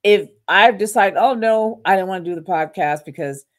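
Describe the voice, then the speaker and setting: A woman's voice: medium pitch, normal speed. A middle-aged woman from Louisiana, a podcast guest telling her story and acting out the quotes. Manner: animated storyteller, acts out quotes.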